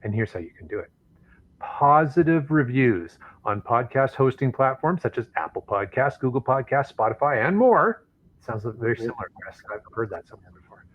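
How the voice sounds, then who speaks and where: A man's voice: mid-range voice, expressive, a little fast, dull audio. A man co-hosting a podcast, chatting casually and playfully, sometimes slipping into a mock announcer hype. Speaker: podcast co-host.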